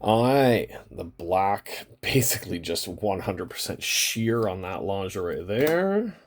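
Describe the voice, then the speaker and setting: A man's voice: low voice, very animated, slow. A man hosting a card-opening video in casual chat, rambling and swearing now and then, drawing out the ends of his phrases. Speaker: card-opening channel host. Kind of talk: casual chat while opening trading cards.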